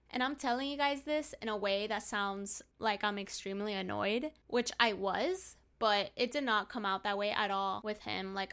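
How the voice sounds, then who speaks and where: A woman's voice: medium pitch, clear, resonant tone. A young woman telling a bad-date story in casual vlog chat, exasperated and swearing freely, a few drinks in. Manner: exasperated, profane, animated retelling. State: tipsy from drinks.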